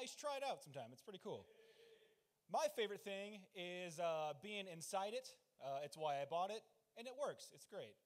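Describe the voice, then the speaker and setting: A young man doing a rambling, deadpan, profane open-mic stand-up set on a club stage. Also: high-pitched. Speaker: stand-up comedian.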